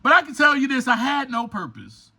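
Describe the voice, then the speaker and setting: A man hosting a podcast, giving a motivational monologue in an emphatic, preacher-like way, often pushing toward a shout and speaking straight to his listeners. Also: very high voice, animated, fairly quick. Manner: addresses listeners directly, repeating phrases. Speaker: podcast host.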